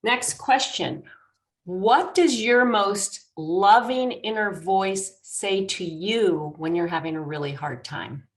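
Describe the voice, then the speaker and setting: A middle-aged woman hosting an interview, affirming and measured, drawing her phrases out slowly. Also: medium pitch. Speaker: host, astrologer. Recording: roomy echo.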